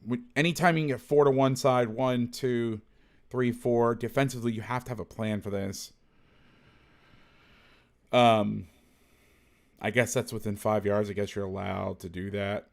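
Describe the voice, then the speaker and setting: A man's voice: fairly low pitch, fairly even intonation, a little slow, vocal fry, long pauses. A man who coaches football, talking casually through game film, blunt and salty, thinking aloud and correcting himself as he goes.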